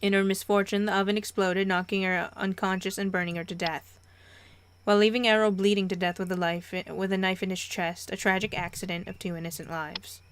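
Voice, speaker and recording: A woman's voice: mid-range voice, fairly quick, slight background noise. Woman reading a story game aloud. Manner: expressive reading with stumbles and asides. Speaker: game narrator and player.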